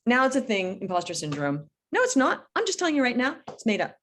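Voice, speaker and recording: A woman's voice: a little high, wildly swooping pitch, quick pace, fairly bright tone. A middle-aged woman coaching in a casual interview, blunt and emphatic, acting out conversations as she tells stories. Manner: emphatic, blunt, acts out dialogue. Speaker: business coach guest. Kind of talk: casual podcast interview storytelling.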